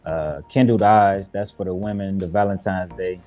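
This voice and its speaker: A man's voice: deep voice, fairly even intonation, moderate pace, warm tone, soft background music. A man from Chicago, a guest rapper, answering interview questions in an earnest, reflective way with many fillers. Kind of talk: casual interview talk.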